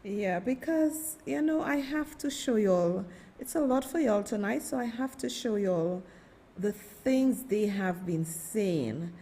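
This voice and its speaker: Woman commentator, high lively voice, slow impassioned delivery. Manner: impassioned, ranting, indignant. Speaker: political commentary host. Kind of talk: live political commentary.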